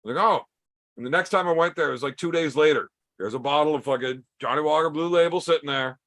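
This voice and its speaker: A man's voice: a little high, fast talker, fairly bright tone. A man hosting a podcast in casual chat, teasing his guest with crude, profane banter. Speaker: podcast host.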